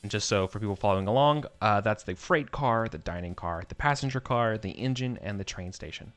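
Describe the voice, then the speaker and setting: A man with a low, bright, forceful voice chats through a tabletop role-play, tripping over his own sentences in eager bursts. Faint music sits beneath him. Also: brisk. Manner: excitable, self-interrupting, rambling. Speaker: player.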